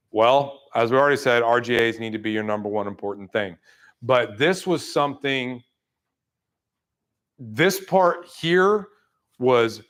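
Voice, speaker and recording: A man giving a motivational sales talk to a room, blunt and fired up, acting out people's excuses in quick asides. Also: medium pitch, a bit bright. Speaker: roofing sales trainer. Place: room with an audience.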